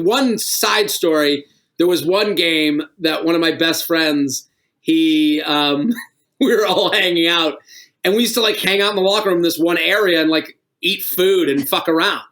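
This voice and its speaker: A man's voice: sits high, fairly bright tone. Laughing, rambling man telling stories. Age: middle-aged. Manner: rambling, laughs through his stories, swears freely. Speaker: comedian guest. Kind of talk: casual podcast storytelling.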